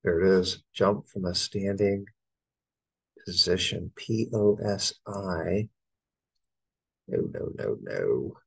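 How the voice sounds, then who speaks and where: A middle-aged American English teacher works through test answers, spelling each word out letter by letter. His voice is low and gravelly, with a husky edge. He speaks at an unhurried pace. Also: expressive, low-quality recording. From United States. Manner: slow, spells words letter by letter.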